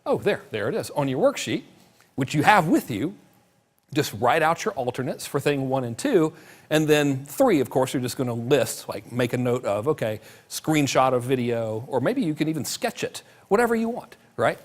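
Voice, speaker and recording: A man's voice: medium pitch, moderate pace. A middle-aged man teaching a marketing course in a casual, joking way, with plenty of emphasis. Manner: joking, lively, talks with emphasis.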